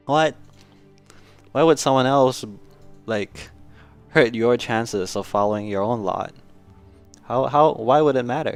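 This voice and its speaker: A man's voice: mid-range voice, unhurried, long pauses, clear, resonant tone, faint music behind. A man streaming a story game, reading its text aloud and reacting casually. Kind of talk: let's play reading and commentary.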